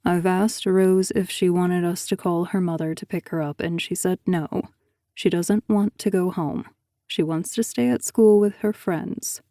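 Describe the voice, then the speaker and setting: A woman voicing a calm, manipulative male school teacher who talks in a hushed, coaxing way. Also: lowish voice, a little slow, no room sound, studio quality. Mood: reassuring.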